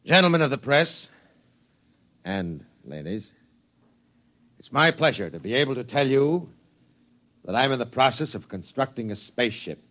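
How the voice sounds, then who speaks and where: An actor playing a domineering, ruthless business tycoon in a 1950s radio drama, giving curt, clipped orders. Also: male voice, mid-range voice, animated, moderate pace, long pauses, fairly bright tone. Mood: imperious.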